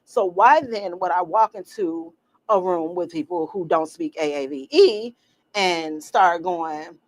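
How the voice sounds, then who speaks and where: A middle-aged woman co-hosting a podcast in casual chat, telling lively stories and acting out quotes. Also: fairly low pitch, measured pace. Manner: animated storyteller, acts out quotes. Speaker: podcast co-host.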